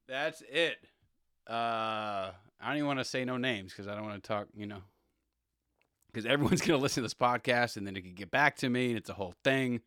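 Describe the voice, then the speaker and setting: Man, podcast host, casual rambling sports chat, bright voice, dry close sound. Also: medium pitch, fairly quick, no room sound. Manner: rambling, chuckling, self-correcting.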